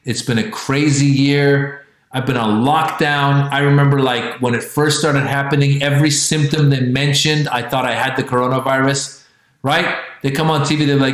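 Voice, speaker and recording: A man in his forties from Iran doing an animated, profane stand-up routine on a livestream, talking directly to his audience. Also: mid-range voice. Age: 40s. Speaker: stand-up comedian. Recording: very echoey space.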